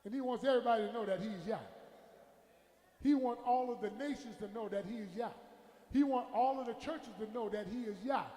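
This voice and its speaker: A man preaching a sermon as pastor, shouting out lines to the congregation and dropping to quieter asides. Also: a little fast. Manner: preaching with shouts and call-and-response, drops to a low aside. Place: church sanctuary. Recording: echoey hall with long reverb.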